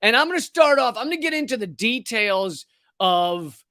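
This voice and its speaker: A man hosting a livestreamed comedy commentary show, loud and fired up, swinging between shouting and sarcastic calm. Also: very high voice, normal speed, dry recording, clean studio sound. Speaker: host.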